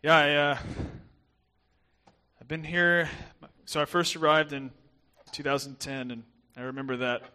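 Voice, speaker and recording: Bright-voiced Southern American preacher. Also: male voice, fairly high pitch, level tone, a little slow, smooth. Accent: Southern American, softened. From southern United States. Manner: chatty and self-deprecating, with many fillers and restarts. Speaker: guest pastor. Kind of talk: sermon.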